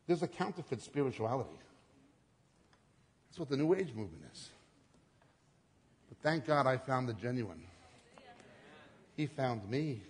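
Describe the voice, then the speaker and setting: A man preaching a sermon, swinging between loud emphatic peaks and low quiet drops, acting out the quoted lines. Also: very animated, a little slow, long pauses, husky. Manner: dramatic swings in pitch and loudness, acting out quotes. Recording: long hall reverb.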